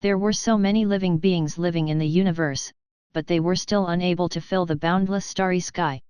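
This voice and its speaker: A woman narrating a novel audiobook in a steady, even reading on a close mic. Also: lowish voice, fairly quick, clear, resonant tone, no echo, muffled recording. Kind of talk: scripted narration.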